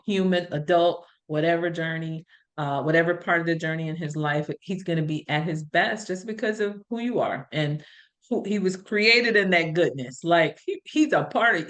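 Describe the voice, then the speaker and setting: A woman's voice: lowish voice, fairly bright tone. Earnest woman hosting a podcast. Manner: earnest, reflective storytelling. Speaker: podcast host. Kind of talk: casual podcast conversation.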